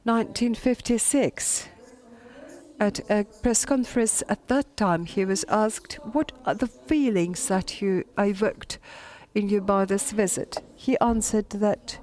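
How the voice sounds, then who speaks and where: A woman historian with a German accent delivers a lecture read from prepared notes, at a middling pitch. She moves along haltingly and pauses often on fillers. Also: a little mellow.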